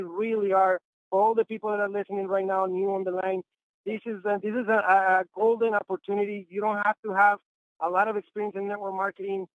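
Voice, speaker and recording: A man's voice: high-pitched, no room sound. Upbeat man on a tinny phone line. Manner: enthusiastic, repetitive. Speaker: guest sales leader on a conference call. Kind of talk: phone-in conference call testimonial. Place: Los Angeles.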